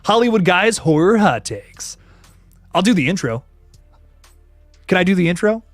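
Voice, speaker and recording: A young man chats through a horror livestream in a lively voice that jumps up and down in pitch. He talks in slang and hypes up his viewers as he reads their messages. The sound is dry and close, with faint music playing underneath. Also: normal speed, dry recording. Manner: animated, slangy, hypes and thanks viewers by name. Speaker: horror channel host reading live chat. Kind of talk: casual livestream chat.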